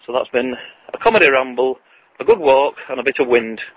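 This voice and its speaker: A middle-aged man, chatting and telling jokes while out on a walk, deadpan and rambling. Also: medium pitch, fairly quick, slightly rough, dry recording, lo-fi sound. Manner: chatty, deadpan, puts on voices for joke characters. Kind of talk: rambling joke-telling vlog. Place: outdoors on a walk.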